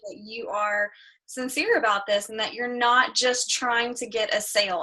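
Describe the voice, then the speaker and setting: Encouraging bright-voiced woman host. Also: a little high. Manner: encouraging, sums up points. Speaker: team training host. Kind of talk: casual team training call.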